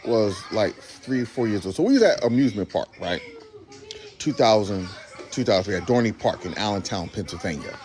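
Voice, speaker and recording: Animated middle-aged male storyteller. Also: mid-range voice. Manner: casual, animated, acting out. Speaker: guest.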